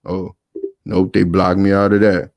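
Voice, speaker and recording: A man's voice: low voice, completely flat delivery, measured pace, darkish tone, no echo. A man hosting a live stream and talking casually, preaching and calling out to his viewers again and again.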